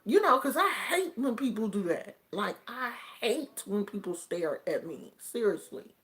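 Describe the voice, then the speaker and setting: Expressive and a bit bright, this medium-pitched American woman shares a personal story for her vlog. Her manner is relaxed and colloquial, slow and drawn-out, with plenty of filler words.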